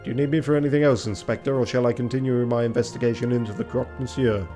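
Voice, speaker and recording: A man's voice: medium pitch, steady tone, racing, dark tone, faint music behind, close to an everyday voice. A man voicing a fussy, polite male rooster lawyer with a prim, formal delivery.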